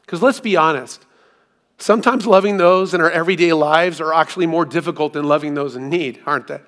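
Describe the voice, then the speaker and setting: A man preaching a sermon in an easygoing, conversational way, asking rhetorical questions and telling stories with gentle humor. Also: a little high, a little fast. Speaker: pastor.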